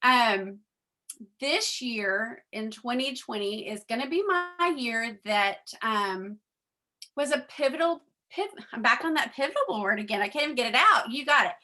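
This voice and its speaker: A woman's voice: a little high, unhurried. A woman giving a chatty motivational talk to her sales team, full of fillers and acting out conversations. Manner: chatty and animated, many fillers, acts out quoted dialogue. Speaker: direct sales leader speaking to her team.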